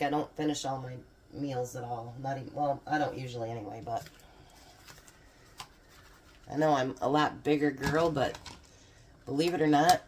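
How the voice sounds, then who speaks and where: A woman's voice: a bass voice, a little mellow, slight background noise. A woman chatting casually to camera while she cooks and tastes food in her home kitchen, with a chatty, homey manner. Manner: chatty, homey, talks while eating and tasting. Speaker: home cooking vlogger. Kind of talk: casual cooking chat to camera.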